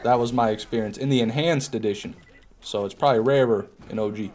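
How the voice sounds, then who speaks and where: A man's voice: mid-range voice, quick pace, darkish tone. A man streaming a video game live, chatting casually, joking and answering his chat as he plays. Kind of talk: live gameplay commentary.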